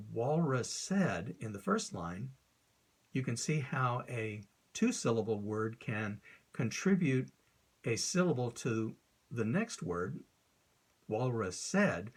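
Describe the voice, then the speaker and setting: Male author as teacher, husky voice, unhurried, casual and unscripted delivery. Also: mid-range voice. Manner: unscripted, many ums and uhs, recites verse slowly. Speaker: author explaining poetry. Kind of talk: informal recorded lesson.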